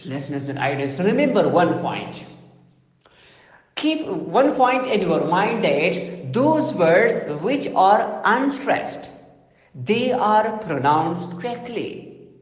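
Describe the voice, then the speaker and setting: Slow, lively-voiced male lecturer, echoey room. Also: high voice. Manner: slow, deliberate explaining with self-corrections. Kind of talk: recorded lecture on phonology. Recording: roomy echo with long reverb.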